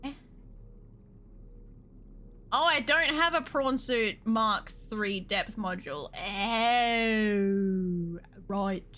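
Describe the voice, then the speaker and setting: Speaking extremely slowly in a mid-range, sharp voice and pausing often, a woman chats casually while streaming a game. She's a VTuber streamer and model rigger, and her talk is rambling, giggly and full of free swearing.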